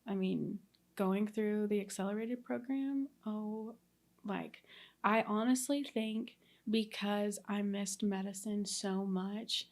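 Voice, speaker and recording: A chatty woman in her thirties from Texas, a guest telling her story in a casual interview. Her pitch stays fairly level and even, with little rise and fall, and she strings her thoughts together with plenty of fillers. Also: takes it slowly. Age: 30s. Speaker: guest, ICU nurse.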